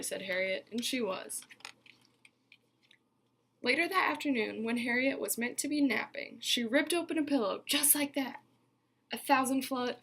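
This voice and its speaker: A woman's voice: fairly high pitch, fairly bright tone, a little hiss or hum. A woman teacher reading a picture book aloud to her class, telling it expressively and stopping to ask the children questions.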